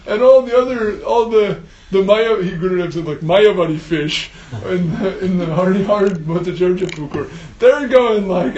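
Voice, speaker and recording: A man telling a spiritual story in an animated way, laughing often and using many fillers. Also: sits high, moderate pace, roomy sound, highs cut off. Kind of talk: storytelling talk.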